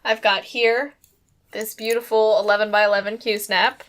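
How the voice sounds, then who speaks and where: A woman's voice: medium pitch, level tone, measured pace, a bit bright, slight background noise. A young woman co-hosting a casual crafting show, chatting in an easygoing way. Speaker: podcast co-host. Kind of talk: casual chat. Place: indoors at home, on camera.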